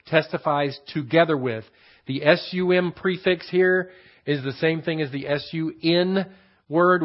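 Emphatic Bible teacher man, lo-fi sound. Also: fairly high pitch. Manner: emphatic, repeats key phrases slowly. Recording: dull lo-fi recording.

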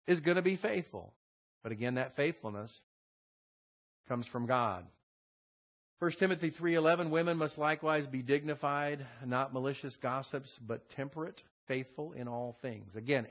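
A man's voice: fairly high pitch, highs cut off. A man teaching a verse-by-verse Bible lesson in a conversational way, reading scripture aloud and stressing key words. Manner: conversational, reads scripture aloud with added emphasis.

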